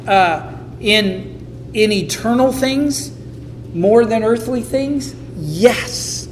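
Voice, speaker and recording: A man's voice: high-pitched, slight background noise. A man preaching a sermon in a conversational way, acting out quotes from the people he talks about. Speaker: pastor.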